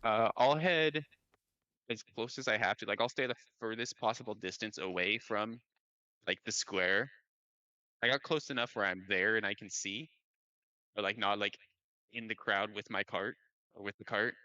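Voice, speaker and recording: A man playing in a tabletop game, talking in a relaxed way full of likes. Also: lowish voice, normal speed, pauses often, dry recording. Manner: relaxed, hedging with like. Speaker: player. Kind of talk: casual tabletop play. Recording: dull, dry lo-fi mic.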